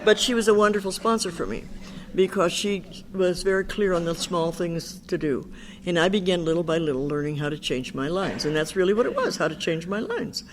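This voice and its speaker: This older woman's voice is lowish, expressive and fairly quick, with a little hiss or hum on the recording. Speaking at an Al-Anon meeting, she shares her personal recovery story openly, often repeating others' words to her.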